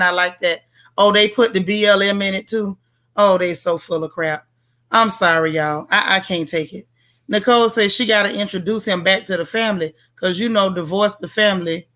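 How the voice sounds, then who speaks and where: A woman with a sharp tone and medium pitch leads a casual livestream. Reading viewer comments as she goes, she reviews a TV show in a sassy, playful style aimed straight at her audience.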